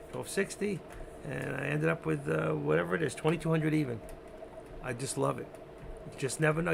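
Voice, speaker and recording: A man hosting a live trading stream, rambling casually about his trades and breaking off to talk to his cat. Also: background noise. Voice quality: gravelly. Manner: rambling, talks to his cat in a high sing-song voice.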